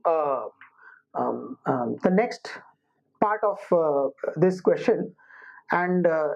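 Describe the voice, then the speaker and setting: A woman teaching IELTS listening, explaining slowly and restating her points. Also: medium pitch, dark tone. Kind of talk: recorded classroom lesson. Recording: muffled lo-fi recording.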